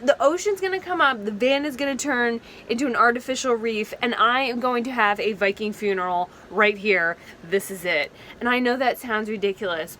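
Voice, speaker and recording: Brief: young woman vlogger, rattled and swearing, bright voice, outdoors at night by a beach. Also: a little high, slight background noise. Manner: frazzled, emotional, swearing, laughing nervously. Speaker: van life vlogger. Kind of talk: casual vlog.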